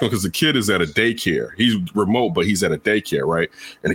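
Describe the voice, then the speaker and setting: Husky, animated dad telling stories. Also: male voice, fast talker. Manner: animated storyteller, acts out quotes in high voices, laughs often. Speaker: parent. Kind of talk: casual chat, storytelling.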